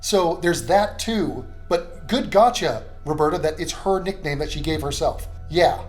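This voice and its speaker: A man's voice: on the high side, expressive, a little slow, soft background music. Sarcastic, profane man ranting. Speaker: commentary YouTuber. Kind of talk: ranting reaction commentary.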